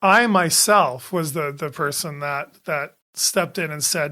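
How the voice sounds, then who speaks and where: A man in his fifties, a doctor co-hosting a podcast, telling a personal story in a halting way with many pauses and restarts. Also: fairly high pitch, bright, forceful tone.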